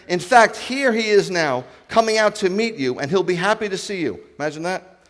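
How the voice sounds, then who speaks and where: A man preaching a sermon as a rabbi, animated, acting out dialogue and asking his congregation questions. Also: a little high, fairly quick, in a large hall. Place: congregation hall.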